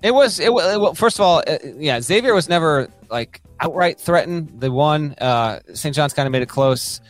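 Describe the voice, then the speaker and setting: Animated man chatting about college hoops. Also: on the high side, soft background music. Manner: animated, laughing, quick asides. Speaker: podcast co-host. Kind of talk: casual sports podcast chat.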